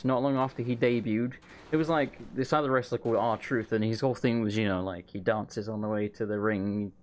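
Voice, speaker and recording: A man streaming live gameplay commentary, rambling and chatting with viewers while feeling overheated at home. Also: medium pitch. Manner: rambling, chatty, quick asides to chat. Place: home room.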